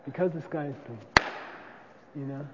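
A man's voice: on the high side, moderate pace, big-room sound, lo-fi sound, background noise. A man teaching a class casually, often checking with "okay?" and demonstrating chants aloud.

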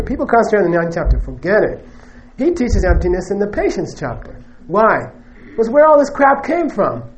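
Speaking to a live audience, a man gives a Buddhist teaching in a joking, conversational way, throwing in emphatic asides and often checking in with "okay?" and "you know." His voice is high and a little mellow, and the recording is rough.

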